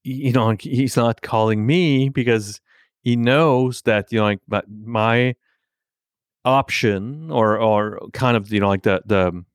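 A middle-aged man talking candidly in a conversation, halting and leaning heavily on filler words. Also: medium pitch, clean tone, no echo, clean studio sound.

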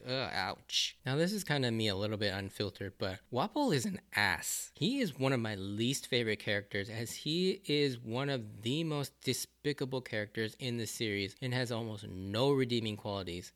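Male reviewer, mid-pitched, casual and excitable recap delivery with frequent laughs. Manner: chatty and enthusiastic, laughs often. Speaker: anime reviewer.

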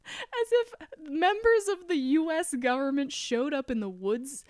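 A young woman with a slightly high voice chats animatedly on a podcast. She laughs often and swears offhandedly. Her voice is close and dry, with no room sound. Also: a little slow, darkish tone, dry recording. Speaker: podcast co-host. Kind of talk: casual chat, retelling a TV episode.

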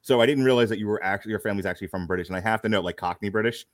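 A man's voice: fairly low pitch, racing, no room sound, studio quality. A man hosting a casual film review podcast, rambling and teasing his co-hosts with jokes. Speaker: podcast host.

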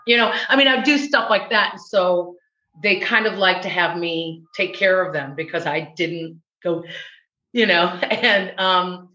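A woman from the US Midwest chats as an interview guest, lively and a little rambling. Her voice is bright and forward, with a lowish pitch. The recording is roomy and somewhat dull. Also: unhurried. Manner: animated, chatty storyteller with laughs and restarts. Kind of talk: casual interview chat.

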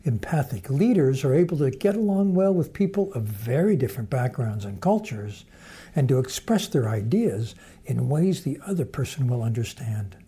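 Mellow, husky male lecturer. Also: medium pitch, animated. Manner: measured, explanatory. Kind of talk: lecture with storytelling.

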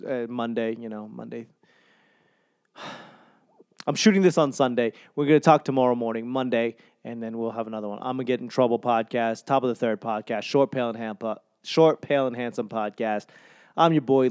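A man's voice: mid-range voice, steady tone, normal speed, darkish tone, smooth, no room sound. A young man hosting his own podcast, talking alone in a rambling, sentimental way, swearing casually and mocking himself. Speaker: podcast host. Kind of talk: solo podcast monologue.

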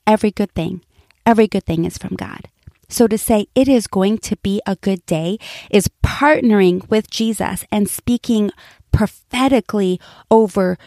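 A woman's voice: mid-range voice, warm tone, no room sound, clean studio sound. A middle-aged woman pastor giving an earnest, encouraging devotional message and speaking straight to her listeners. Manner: emphatic repetition, light laughs.

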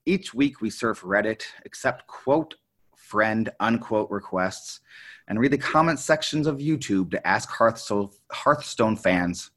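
Deep husky guy hosting a card game podcast, brisk, a bit teasing. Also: lively intonation, fairly bright tone. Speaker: podcast host. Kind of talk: casual chat about a card game.

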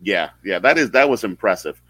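Deep-voiced man, halting podcast host. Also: lively intonation, sharp tone, slightly rough, no echo, rough recording. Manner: halting, many fillers and restarts. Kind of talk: casual live-stream chat.

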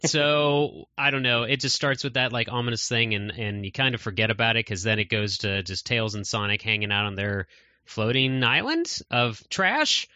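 A man's voice: medium pitch, lively intonation, normal speed, sharp tone, dry recording, lo-fi sound. A man hosting a podcast in casual chat, rambling with many fillers. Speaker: podcast host.

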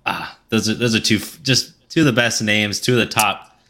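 Young male guest, eager and punchy, low pitch with a bright edge. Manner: enthusiastic, quick interjections. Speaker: podcast guest. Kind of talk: casual livestream chat.

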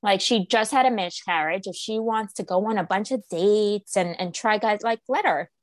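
A young woman co-hosting a podcast, chatting casually and animatedly about reality TV, her pitch jumping up when she quotes people. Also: moderate pace, no room sound. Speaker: podcast co-host.

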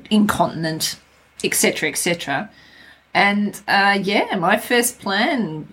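A woman's voice: lowish voice, fairly bright tone, husky. A middle-aged Australian woman co-hosting a casual podcast chat, talking in a frank, wry and blunt way. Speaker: podcast co-host.

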